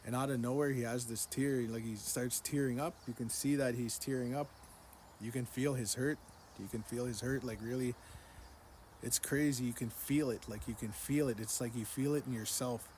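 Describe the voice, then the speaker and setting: A man's voice: mid-range voice, fairly even intonation, moderate pace, darkish tone, slight background noise. A man telling a story in casual speech to a phone, earnest, repeating his phrases and restarting sentences. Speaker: social media storyteller.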